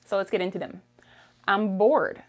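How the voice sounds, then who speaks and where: A woman's voice: medium pitch, fairly even intonation, moderate pace. A woman teaching a language lesson, patiently repeating each phrase and checking in with "okay?". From Canada. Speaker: French teacher.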